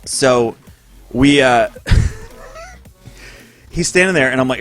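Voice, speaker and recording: A man's voice: on the high side, very animated, moderate pace, long pauses, fairly bright tone, faint music behind. A man casually telling a story as podcast co-host, acting out the other voices and swearing freely.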